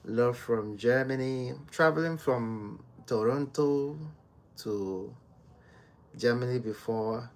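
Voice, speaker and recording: A Nigerian-born man hosting a casual live stream from home, greeting viewers by name and chatting with them in a soft, unhurried way. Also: medium pitch. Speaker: livestream host.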